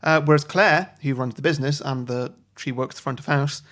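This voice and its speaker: A man's voice: medium pitch, brisk, a bit bright. A man, co-hosting a podcast and telling an imagined story casually, with many ums and self-corrections. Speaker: podcast co-host. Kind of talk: casual chat, pitching an imagined sequel plot.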